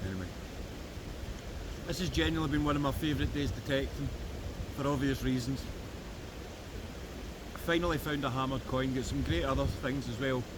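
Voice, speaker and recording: A man's voice: mid-range voice, brisk, pauses often. Chatty Scottish man outdoors by a river. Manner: chatty, jokey running commentary. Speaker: metal detecting vlogger. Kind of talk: casual outdoor vlog. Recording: noisy outdoor recording with river. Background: flowing river.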